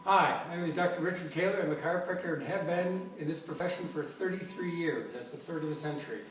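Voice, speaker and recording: A man's voice: fairly high pitch, quick pace, soft background music. A man in his fifties working as a chiropractor, giving an enthusiastic, jokey presentation with props, often restarting his sentences. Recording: echoey room, distant mic, faint noise.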